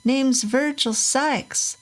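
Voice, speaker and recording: A woman's voice: high-pitched, pitched above the performer's own voice. A woman doing a drawling grinning Southern man. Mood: friendly. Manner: slow drawl.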